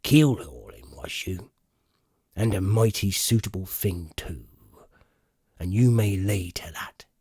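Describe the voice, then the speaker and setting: A man reading an audiobook, voicing a cunning one-legged sea cook in slow, emphatic, gruff pirate talk. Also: low voice, mellow, dry recording, clean studio sound, exaggerated voice. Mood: gruff, commanding.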